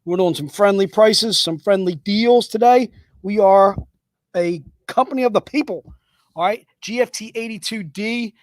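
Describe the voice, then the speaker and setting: A man with a fairly high voice hosts a livestream comic book sale, pitching in an upbeat, repetitive hawker style with joking asides. He speaks at a moderate pace, and the sound is dry and close with little room.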